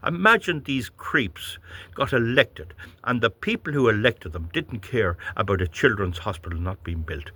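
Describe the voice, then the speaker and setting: A low, husky Irish man rants in a blunt, rambling monologue. His pitch swings widely as he talks. He stumbles over his words and chuckles between points. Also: sharp tone. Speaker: vlogger. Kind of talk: ranting political monologue.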